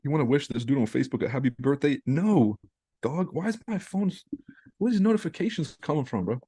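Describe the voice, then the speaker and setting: A man's voice: mid-range voice, animated, fast, warm tone, husky. A man hosting a live trading stream, chatting casually in a brash, profane, joking way while reacting to chat messages. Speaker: trading livestream host.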